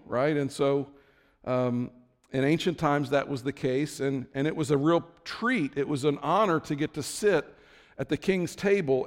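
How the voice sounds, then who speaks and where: A man's voice: on the high side, big-room sound. A man preaching a sermon as pastor, conversational, with frequent restarts and asides.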